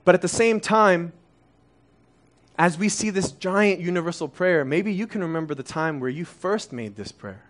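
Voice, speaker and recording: Korean-born pastor guy, 30s, slightly high voice, chatty sermon with lots of "right?". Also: animated, moderate pace. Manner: conversational, rhetorical questions, fillers like "like" and "right".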